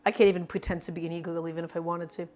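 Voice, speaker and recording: A woman's voice: fairly low pitch, flat delivery, very fast, a little mellow. Playful mock-dramatic woman streamer. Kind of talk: live-stream cooking chat.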